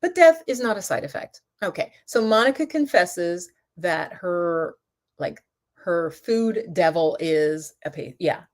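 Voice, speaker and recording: A woman's voice: fairly low pitch, lively intonation, a little slow. A middle-aged woman hosting a casual live stream, chatting with viewers, reading out their comments by name and laughing often. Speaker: yoga and mindfulness channel host. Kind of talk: casual livestream talk reading chat comments.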